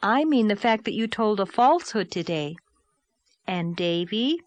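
A woman voicing an earnest, gently firm young woman in a storybook reading. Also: mid-range voice, lively intonation, measured pace, dry recording, pitched above the performer's own voice, natural voice. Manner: earnest, emphatic.

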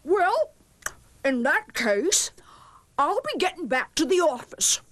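A woman's voice: high voice, very animated, slow pace, fairly bright tone, no room sound, voice pushed up, full character voice. A woman voicing a fussy, formal man who runs the school in a storybook.

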